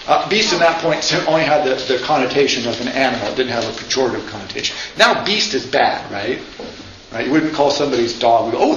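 This informal lecturer's voice is a little high with a fairly bright tone. He keeps things chatty, tossing out "right?" often and acting out quotations, recorded in an echoey room where the sound is a bit dull and faint noise lingers.

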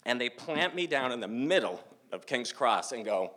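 A man's voice: medium pitch, moderate pace. A man in his forties from Massachusetts, telling a self-mocking story live on a theater stage. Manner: animated, self-mocking, acts out dialogue.

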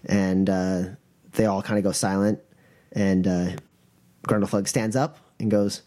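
A man narrating as game master of a tabletop game, with relaxed delivery and many fillers. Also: fairly low pitch, moderate pace.

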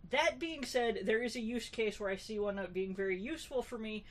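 A woman's voice: fairly high pitch, normal speed. A woman co-hosting a podcast in casual chat, wry and talkative, with many fillers and restarts. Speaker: podcast co-host.

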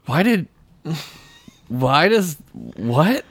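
A man's voice: on the high side, huge pitch swings, very slow, creaky, breathy edge, dry recording. A man co-hosting a podcast in casual chat, rambling and full of fillers. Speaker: podcast co-host.

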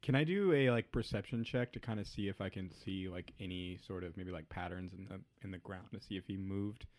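A man's voice: deep voice, fairly quick, a little mellow. A man playing a tabletop game, talking casually and hesitantly with many fillers. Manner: hesitant, lots of likes. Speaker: player.

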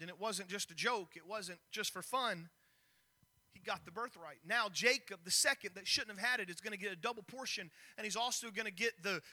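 A man preaching a sermon, telling a story with many restarts and acted-out scenes. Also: sits high. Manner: storytelling, animated, with repeated restarts.

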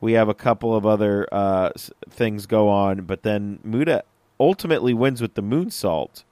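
A man's voice: on the low side, moderate pace, darkish tone, no echo. A young man co-hosting a casual podcast chat, rambling with lots of fillers. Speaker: podcast co-host.

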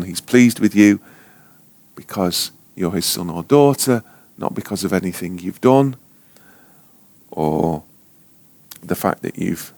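A man's voice: on the low side, darkish tone, no room sound. A man teaching a Bible class informally, rambling and joking, often breaking off mid-sentence. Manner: rambling, self-interrupting, joking. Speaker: ministry school teacher.

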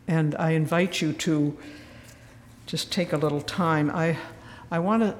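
An older religious sister leading a spoken retreat talk in a large church, telling stories with earnest warmth and wry humor. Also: female voice, low-pitched, steady tone, unhurried, big-room sound.

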